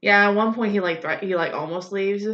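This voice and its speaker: A woman's voice: mid-range voice, brisk, fairly bright tone. A woman co-hosting a podcast, chatting casually with plenty of filler words, on dull lo-fi audio. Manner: casual, lots of fillers, chimes in. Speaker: podcast co-host. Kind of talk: casual chat recapping a reality show.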